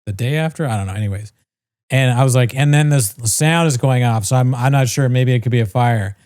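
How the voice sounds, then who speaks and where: A man's voice: medium pitch, fairly quick, a little mellow. A man co-hosting a podcast, casually telling a long story, swearing freely and mimicking the people in it. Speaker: podcast co-host.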